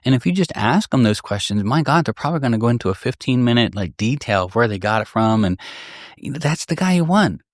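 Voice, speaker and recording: A man's voice: medium pitch, lively intonation, fast talker, no room sound, clean studio sound. A middle-aged man, a gunsmith hosting a podcast, telling stories in a candid, rambling way with restarts. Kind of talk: casual storytelling podcast.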